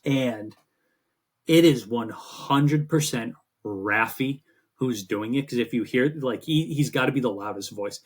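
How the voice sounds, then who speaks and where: Male podcast co-host, husky voice, chatty storyteller, casual sports banter. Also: mid-range voice, measured pace. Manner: rambling, animated storytelling with swearing.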